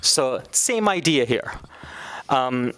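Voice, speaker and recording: A man's voice: medium pitch, expressive, slow pace, a bit bright. A man teaching an Islamic studies class in a casual, conversational way, now and then acting out quoted speakers.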